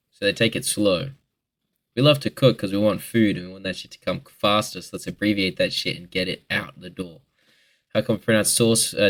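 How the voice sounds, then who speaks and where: Rambling Australian man, low-pitched. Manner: rambling, joking, swears freely. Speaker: vlogger answering viewer questions. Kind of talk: casual chat.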